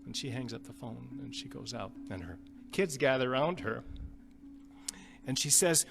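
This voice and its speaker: A male pastor from the Upper Midwest, telling a story in a sermon in a gentle, halting way and repeating phrases. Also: medium pitch, lively intonation, creaky. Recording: long reverb with guitar music behind.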